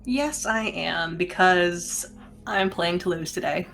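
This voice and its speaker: A woman's voice: on the low side, slow pace, gravelly, fairly bright tone. A woman playing a tabletop game, tentative and thinking aloud as she picks her move. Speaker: player.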